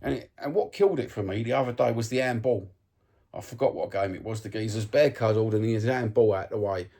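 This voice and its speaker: A man's voice: on the low side, a little fast, mellow. A Cockney man from East London, ranting bluntly and swearing to his phone camera about football, full of ums. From East London, England. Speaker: football fan vlogger. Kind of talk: casual ranting monologue to camera.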